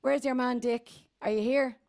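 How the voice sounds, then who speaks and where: A woman's voice: high-pitched, fairly even intonation, moderate pace, a little mellow. A woman playing a brash, crude elderly woman from inner-city Dublin with a thick Dublin accent, rambling and streetwise in a comic monologue. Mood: bawdy. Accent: Dublin Irish. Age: 80s. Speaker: comedy character guest. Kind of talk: stand-up character monologue.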